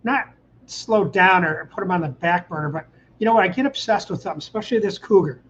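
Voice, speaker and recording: A middle-aged man hosts a casual live stream, rambling along and reading out viewer comments. His voice sits a little high for a man. The stream audio is slightly muffled, with a faint hiss underneath. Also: fast talker, a bit bright. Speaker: channel host. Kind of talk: casual livestream chat.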